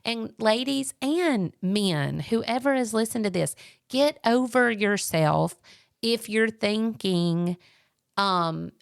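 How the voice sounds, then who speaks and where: A woman, co-hosting a casual marriage podcast, telling stories animatedly and acting out quotes in a high voice. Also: slow pace, creaky, clear, resonant tone, no echo, clean studio sound. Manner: animated storyteller, acts out quotes in a high voice, laughs often. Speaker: podcast co-host.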